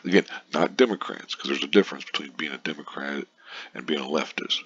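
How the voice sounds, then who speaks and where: A man's voice: extremely low pitch, brisk, fairly bright tone, breathy edge, dry recording, lo-fi sound. A man giving a casual, profane and sarcastic rant, reading out posts and scoffing at them. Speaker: commentator.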